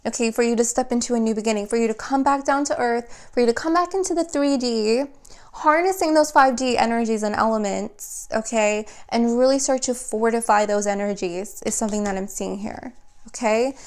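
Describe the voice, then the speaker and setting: Young woman, fairly high voice, tarot reader; talks fast, restarts and loops phrases. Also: fairly even intonation, a little mellow, smooth. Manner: flowing, rapid, repeats and restarts phrases. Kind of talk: spiritual tarot reading.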